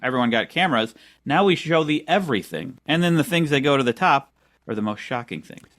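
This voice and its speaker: Sarcastic man with a lively voice. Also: mid-range voice, a little fast, no echo, clean studio sound. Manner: sarcastic, playfully defensive. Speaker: podcast co-host. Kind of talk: casual comedic banter.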